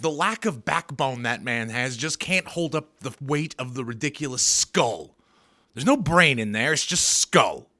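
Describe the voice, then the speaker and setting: A man's voice: fairly high pitch, pushed and bright. A man doing an angry, profane, sarcastic comedy rant as a vlogger.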